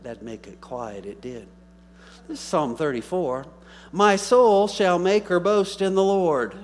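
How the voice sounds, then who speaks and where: A male pastor preaching a sermon, rising into emphatic bursts and dropping to quiet asides. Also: medium pitch. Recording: faint mains hum.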